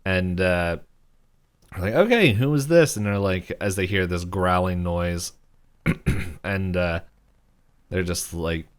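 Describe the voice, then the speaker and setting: A man's voice: deep voice, takes it slowly, long pauses, clear, resonant tone. A man co-hosting a podcast, casually retelling a cartoon episode in a rambling way, full of "like" and little chuckles. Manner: rambling retelling, heavy use of "like", frequent chuckles. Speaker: podcast co-host. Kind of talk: casual episode recap chat.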